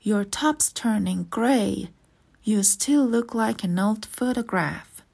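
A woman reading a children's storybook aloud, slow and gentle, lightly voicing the characters. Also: medium pitch, creaky, slightly rough. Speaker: storybook reader.

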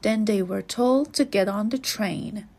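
A woman reading a children's story aloud in a measured storytelling manner. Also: mid-range voice, vocal fry, a little mellow. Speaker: storybook reader.

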